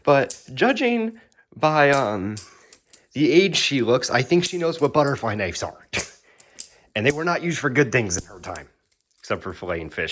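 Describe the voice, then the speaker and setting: A man's voice: sits low, fairly bright tone, a little hiss or hum. A young man casually telling a storytime about his hobby, acting out the quotes with laughs. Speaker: knife-flipping YouTuber.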